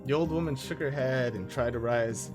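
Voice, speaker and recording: A man's voice: medium pitch, normal speed. A male streamer reading game story text aloud, stumbling over words and laughing at his own slips. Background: game music.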